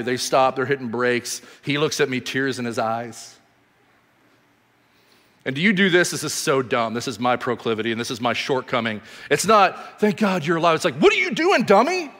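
In a reverberant hall, a pastor in his thirties preaches a sermon, telling stories animatedly and swinging from loud bursts to quiet, slow emphasis. His voice is mid-range.

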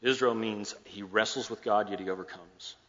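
Here a pastor's fairly low, steady, slightly bright voice moves at a moderate pace as he retells a scripture story in his sermon, acting out the lines and working in jokes. The hall sound is echoey and muffled.

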